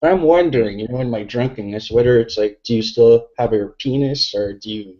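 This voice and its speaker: A man's voice: mid-range voice, a little fast, lo-fi sound. A tipsy middle-aged man chatting on a podcast, rambling and crude with many fillers. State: tipsy from drinking beer. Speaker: podcast guest. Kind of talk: casual chat.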